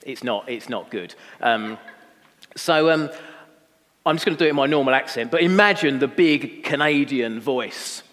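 A man's voice: medium pitch, normal speed, fairly bright tone. A young adult man, preaching a sermon in a chatty, self-deprecating storytelling manner with many fillers. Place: church hall. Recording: long hall reverb.

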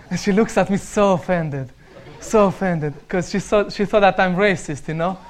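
Young Romanian-accented man, high-pitched, easygoing storyteller who laughs a lot. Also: normal speed. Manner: laughs often while telling anecdotes. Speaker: speaker sharing stories. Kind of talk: casual storytelling.

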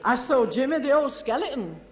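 A woman telling a religious testimony as a story, slow and often laughing. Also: sits high, big pitch swings. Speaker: churchgoer giving testimony.

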